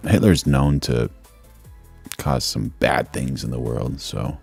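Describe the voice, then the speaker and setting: A very low, gravelly male voice drifts through casual live-stream commentary. He rambles in a relaxed, slangy way, and faint music sits underneath. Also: slow pace. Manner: laid-back, rambling, slangy.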